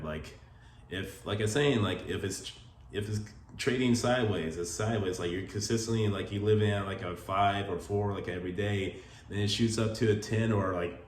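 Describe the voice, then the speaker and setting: A man with a very low voice tells a personal story in a loose, rambling way, full of fillers and feeling. His voice sounds roomy, with faint ambient noise behind him. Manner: rambling, many "like" fillers, emotional. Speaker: vlogger telling stories about his late partner.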